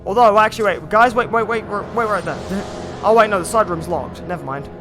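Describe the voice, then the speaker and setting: A young man streaming a video game, chatting casually and excitably with lots of filler words as he plays. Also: high-pitched, fairly quick. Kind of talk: live gameplay commentary. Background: faint game music.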